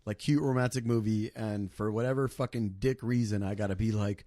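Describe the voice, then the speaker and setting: A man's voice: on the low side, steady tone, a little fast, dark tone, dry recording, clean studio sound. Rambling, foul-mouthed male podcast host. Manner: rambling, heavy swearing, many fillers and restarts. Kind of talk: casual chat over drinks.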